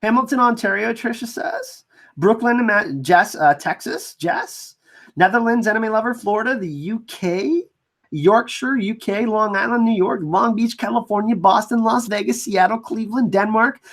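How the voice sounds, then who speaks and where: A man hosting a casual livestream, chatting with viewers and reading out their comments and shout-outs. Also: high voice, normal speed. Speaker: livestream host. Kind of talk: casual live-stream chat.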